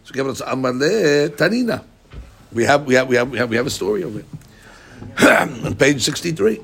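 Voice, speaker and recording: A man teaching a class on a text. He explains it in an animated way, acts out the people he quotes and often repeats his words. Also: medium pitch, a little fast, vocal fry, slightly rough.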